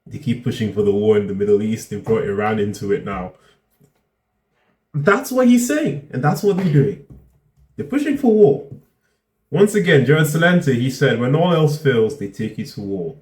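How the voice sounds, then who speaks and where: A man hosting a reaction video, commenting with exasperated, incredulous outbursts that jump up in pitch. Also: lively intonation, brisk, few pauses, darkish tone. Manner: exasperated, incredulous, jumps in pitch when outraged. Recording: roomy echo.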